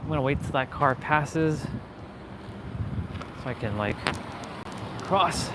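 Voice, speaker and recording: On a live stream, a young Canadian walks through a parking lot toward his car, chatting loosely with lots of fillers and restarts. His voice is on the high side, expressive and slow, and the recording is very noisy.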